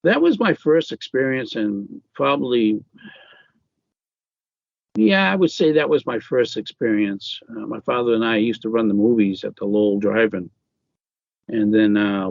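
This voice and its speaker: An author appears as a guest in a casual interview, his lowish voice gravelly and husky. He speaks haltingly, with many fillers and restarts. The dry recording sounds slightly dull and lo-fi.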